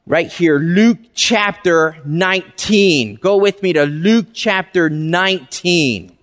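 A male pastor preaching a sermon. He reads scripture slowly and acts out everyday greetings. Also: fairly high pitch, fairly bright tone. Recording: reverberant hall.

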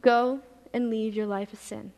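A woman voicing a calm, gentle male teacher who speaks in a soft, tender way, in a reverberant hall. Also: fairly high pitch, measured pace, gravelly, pitched below the performer's own voice.

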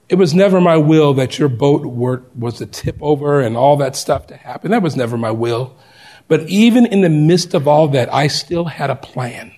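Husky preacher man telling a story. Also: mid-range voice, normal speed. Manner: acts out quoted voices, swings from loud to hushed. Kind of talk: sermon with storytelling.

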